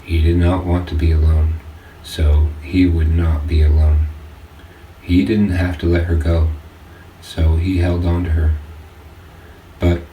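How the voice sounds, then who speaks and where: This male audiobook narrator has a deep, mellow voice and reads in an earnest, measured, level tone. The mic picks him up from a distance in a spacious room, over a light background hiss.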